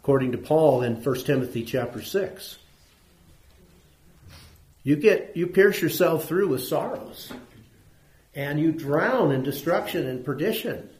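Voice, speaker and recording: A man's voice: a little high, lively intonation, a little slow, long pauses, a little mellow. A man teaching a conversational Bible lesson to an audience, asking questions and repeating points for emphasis. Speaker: preacher teaching a Bible class. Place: church room with audience. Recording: echoey room.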